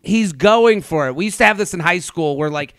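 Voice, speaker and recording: A man from outside Boston co-hosting a casual podcast, ranting with lively energy and frequent laughter. His voice sits somewhat high for a man and has a gravelly fry. The sound is clean and crisp, with a dry, close mic. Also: brisk, no echo. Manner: animated, ranting, laughs often. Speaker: podcast co-host. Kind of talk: casual chat recap.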